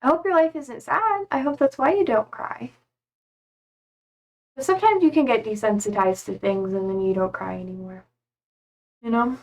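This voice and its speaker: A woman streamer chats casually from her home setup into a desk mic. She rambles with lots of fillers and reads viewer comments aloud. Her voice sits slightly higher than most. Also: moderate pace, pauses often. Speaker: live streamer.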